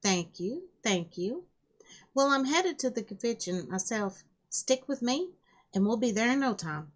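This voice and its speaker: A woman's voice: on the high side, very animated, unhurried, pitched above the performer's own voice. A woman with a scratchy throat reading the lines of a friendly, enthusiastic young male gamer.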